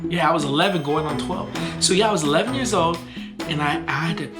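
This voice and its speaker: A woman vlogger telling a family story in a casual, animated way, full of fillers and restarts. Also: low voice, fast talker. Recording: echoey room with music behind.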